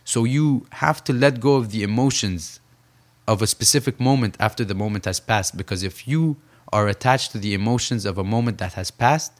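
Earnest young man telling a story. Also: fairly low pitch. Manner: earnest, intense storytelling, reenacts quotes and slows down to stress key points. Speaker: professional boxer, podcast guest. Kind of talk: storytelling in a conversational interview.

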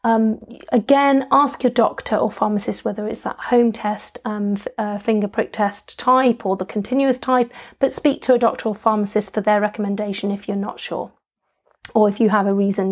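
Woman, podcast coach host, a bit high-pitched, upbeat and instructive, casual with fillers. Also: a little mellow. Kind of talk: solo podcast coaching talk.

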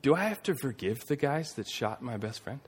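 A man's voice: medium pitch, expressive, fairly quick, husky. A man quoting a tearful teenage boy. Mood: pleading. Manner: broken, pleading. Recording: long reverb of a large hall.

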